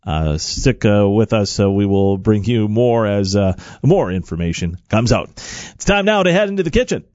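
A man presenting a news update and introducing a cooking segment, with lively reactions. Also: fairly low pitch, normal speed, no room sound, muffled recording. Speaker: news and morning show presenter.

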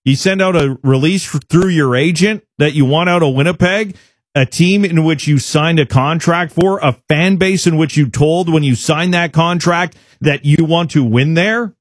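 A man's voice: on the high side, normal speed, no echo, studio quality. A man hosting a sports radio show, talking in an emphatic, indignant way with frequent restarts. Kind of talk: opinionated sports talk.

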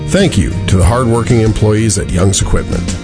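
A man's voice: fairly low pitch, normal speed, loud music behind the voice. A business owner reading a sincere, plain radio thank-you message to his staff.

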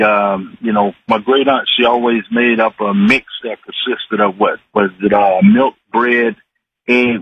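A man's voice: mid-range voice, vocal fry. A man in his forties calling in to a radio show, chatting in a folksy, rambling way with lots of fillers. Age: 40s. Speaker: regular guest, sports and recipe commentator. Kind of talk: casual radio chat. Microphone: phone call-in. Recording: tinny phone line with faint hiss.

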